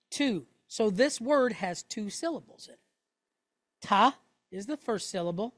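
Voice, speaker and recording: Middle-aged woman as a patient classroom teacher, close dry sound, mid pitch, keeps checking the class understands. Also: no room sound. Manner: patient, checks in with "okay?" after each point. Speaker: Hebrew teacher. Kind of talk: classroom lesson.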